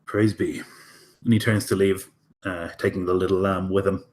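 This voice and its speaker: A man runs a tabletop role-playing game with a slightly low voice. He narrates casually, with many ums and likes and the odd swear word. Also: little pitch movement, brisk, a little mellow. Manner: casual, many fillers, profane. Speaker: game master.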